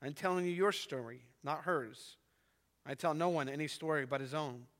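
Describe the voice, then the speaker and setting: Aslan, as a preacher puts him on. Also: male voice, fairly high pitch, normal speed, fairly bright tone, long reverb tail, natural voice. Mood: solemn. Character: vast solemn male lion, gentle and commanding.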